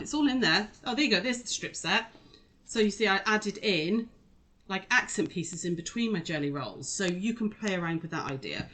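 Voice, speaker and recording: A woman's voice: mid-range voice, animated, moderate pace, fairly bright tone. A woman hosting a casual live quilting demonstration, chatty and rambling as she talks straight to her viewers. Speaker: quilting shop host.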